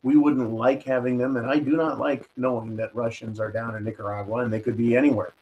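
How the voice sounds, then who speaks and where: A man hosts a political commentary show and rants at the camera. He is indignant and sarcastic, and his voice sits at an ordinary middle pitch. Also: level tone, brisk, muffled recording. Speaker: host.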